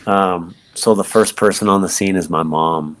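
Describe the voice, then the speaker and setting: A man, a podcast guest, telling his personal story in an earnest, halting way with many fillers and restarts. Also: low voice, fairly even intonation, fairly bright tone. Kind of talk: personal testimony in conversation.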